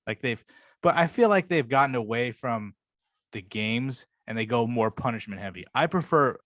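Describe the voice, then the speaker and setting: A man co-hosting a casual podcast chat, rambling and swearing freely, sometimes jumping higher to act out quotes. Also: lively intonation, moderate pace, a bit bright, no echo, clean studio sound. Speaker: podcast co-host.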